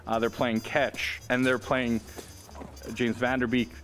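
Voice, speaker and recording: A man's voice: medium pitch, level tone, a little slow, fairly bright tone. A young man who plays football, chatting in a dry, easygoing way. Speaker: football player co-host. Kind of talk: casual chat.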